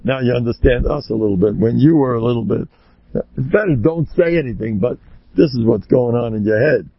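An older man, a rabbi, giving a rambling, joking talk full of stories, with sudden loud exclamations. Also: mid-range voice, animated, a little fast, no room sound, muffled recording. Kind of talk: rambling storytelling sermon.

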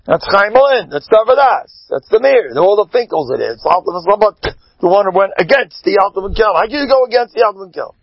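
A man speaking as a rabbi in an animated Torah talk, emphatic, swinging between loud exclamations and low asides. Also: brisk, vocal fry, no echo, lo-fi sound.

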